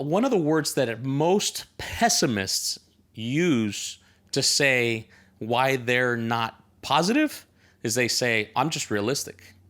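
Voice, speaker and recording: A man's voice: medium pitch, fairly bright tone. A man, a real estate agent, giving a casual motivational talk to the camera, rambling and correcting himself as he tells a joke. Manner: upbeat, rambling, storytelling with self-corrections. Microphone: camera mic, filmed by a team member.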